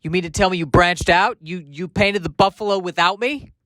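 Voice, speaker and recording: A man's voice: high-pitched, fairly quick, fairly bright tone, dry recording, voice pushed up. A man playing a hurt, jealous caveman who feels betrayed by his painting partner, pleading and self-pitying. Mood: hurt, accusing. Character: wounded caveman painter, male adult, jealous.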